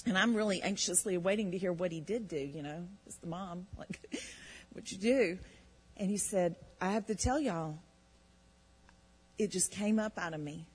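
Woman, husky voice, animated testimony storytelling, repeats words. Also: on the low side, moderate pace, rough recording. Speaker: ministry show co-host.

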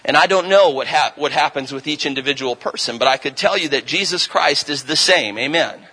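Fervent bright-voiced male preacher. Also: on the high side, a little fast, husky, rough recording. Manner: fervent, rising to loud emphatic declarations. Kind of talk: revival sermon with healing testimony.

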